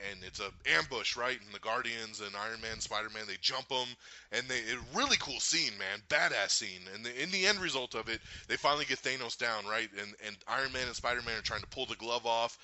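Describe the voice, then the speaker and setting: A man hosting a casual movie review chat, excitable and swearing, acting out quotes in funny voices. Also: on the low side, dry recording. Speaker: podcast host.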